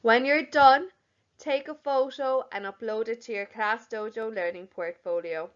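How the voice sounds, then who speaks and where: A young woman teacher giving a recorded lesson to young children, speaking slowly and clearly and sounding out words. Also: fairly high pitch. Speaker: primary school teacher. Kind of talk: recorded home-learning lesson. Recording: slightly dull, lo-fi audio.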